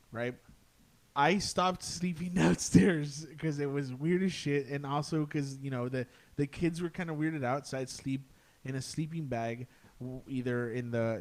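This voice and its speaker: A man's voice: medium pitch, darkish tone. Swearing young man telling a ghost story. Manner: profane, peppered with "dude" and "like". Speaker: podcast guest.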